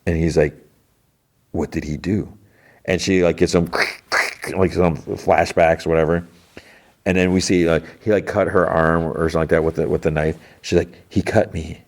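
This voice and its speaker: A man's voice: low voice, level tone, brisk, a little mellow. A man hosting a podcast, casually retelling a TV episode scene by scene, full of "like" and sarcastic asides. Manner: retells scenes with quoted dialogue, lots of "like". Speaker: podcast host.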